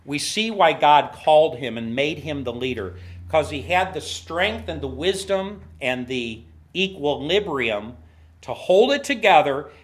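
A male pastor delivers a sermon in a church with an animated, self-mocking humor. He talks slowly and deliberately, leaving room for each point to land. His pitch leaps wide when he acts out the voices of others.

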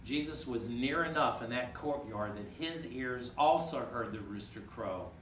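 A man preaching a sermon, rising to emphatic peaks and dropping quiet and intimate. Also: medium pitch, animated, unhurried, slight background noise. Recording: echoey room, from far off.

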